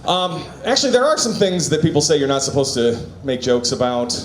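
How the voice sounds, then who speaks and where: A man performs an open-mic stand-up set on a small comedy bar stage, loose and casual on a handheld mic, laughing at his own jokes. His voice is on the high side with big pitch swings and a fairly quick pace, and the bar room echoes.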